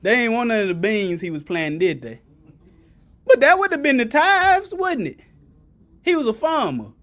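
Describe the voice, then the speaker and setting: A man's voice: very high voice, big pitch swings, moderate pace, a bit bright. A man preaching a sermon in folksy vernacular, asking the congregation for answers and building to emphatic peaks.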